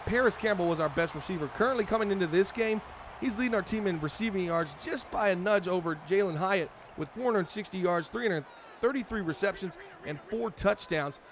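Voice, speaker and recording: A man's voice: high voice, fairly quick, slight background noise. A man casually commentating his own football video game on a live stream, chatting play by play like a fan of his team. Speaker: streamer playing a football franchise mode. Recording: game music playing behind voice. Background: video game music and sounds.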